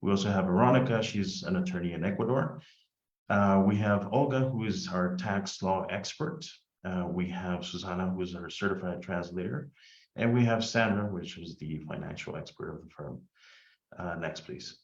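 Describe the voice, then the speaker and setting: A man, an immigration lawyer, giving a polite, measured webinar presentation as he walks through slides. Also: sits low. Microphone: video call. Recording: echoey dull video-call audio.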